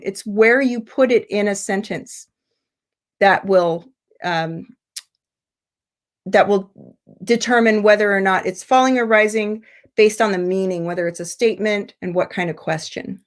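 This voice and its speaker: An American woman teaches an English lesson over a video call. She talks in a patient, explanatory way, stops on fillers and restarts her phrases as she works through the examples. Her voice sits at an ordinary middle pitch for a woman. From United States. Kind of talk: online seminar lesson.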